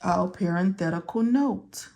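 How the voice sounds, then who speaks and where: Woman instructor, unhurried, repetitive step-by-step lesson voice. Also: fairly low pitch, creaky, a little mellow. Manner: slow, repetitive, talks to viewers as if they can answer. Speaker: medical coding instructor. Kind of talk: study walkthrough lesson.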